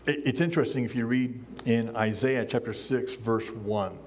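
An older man, a pastor, preaching a sermon from a church pulpit in a relaxed, conversational way, chuckling often and acting out the lines he quotes. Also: mid-range voice, moderate pace, slight background noise. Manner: acts out quoted lines in a raised voice.

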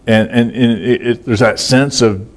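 A man's voice: medium pitch, steady tone, moderate pace. A man preaching a conversational sermon that is casual and folksy, with many fillers and repeated words. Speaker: pastor. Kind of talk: sermon, conversational Bible teaching.

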